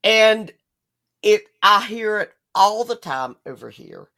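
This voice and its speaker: A woman co-hosting a show in casual chat, animated and blunt, swearing freely while she complains. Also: mid-range voice, takes it slowly. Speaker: podcast co-host.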